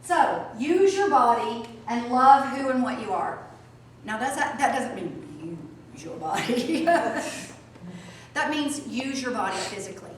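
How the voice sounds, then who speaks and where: A woman teaching a small group, swinging from soft asides to loud outbursts. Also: on the high side, big pitch swings, a little slow. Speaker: spiritual teacher. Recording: echoey room from a distance, faint noise.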